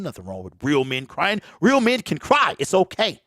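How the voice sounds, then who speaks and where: A sports talk host with a Michigan accent rants in a high, swooping voice, hammering his points by repeating phrases. The sound is dry and close-miked, with pops on hard consonants. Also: moderate pace, no room sound. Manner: animated, preachy, repeats phrases for emphasis. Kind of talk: casual sports commentary rant. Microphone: close mic, pops on plosives.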